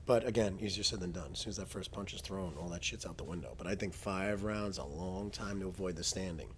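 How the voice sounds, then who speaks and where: A man hosting a casual chat as a jiu-jitsu coach, telling stories with plenty of swearing and loud impressions of people. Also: low voice, fast talker, a little hiss or hum. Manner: profane, storytelling, imitates people loudly.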